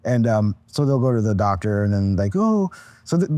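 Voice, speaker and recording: A man's voice: on the low side, a little fast, mellow. A man in his thirties sounds tired as he talks on a podcast. He rambles in a loose, laid-back way, swearing freely and restarting his sentences. His voice is dry and close, with no room echo. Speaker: podcast guest, content creator. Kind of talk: casual podcast chat.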